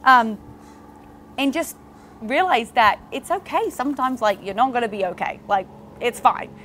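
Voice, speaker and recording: Chatty, encouraging woman podcaster with a higher voice. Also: normal speed, fairly bright tone, slight background noise. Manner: chatty and candid, many "like" fillers; encouraging, speaks to listeners directly. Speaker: podcast host. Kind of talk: casual motivational podcast talk.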